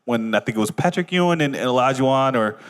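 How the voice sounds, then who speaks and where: A man, a former basketball player, telling a casual anecdote to a former teammate in a measured, unhurried way. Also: mid-range voice, expressive, fairly bright tone, smooth.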